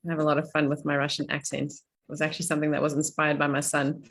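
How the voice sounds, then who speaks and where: A woman's voice: low voice, completely flat delivery, fast, gravelly. A middle-aged woman life coach running a live online coaching session over a video call, chatty and laughing often.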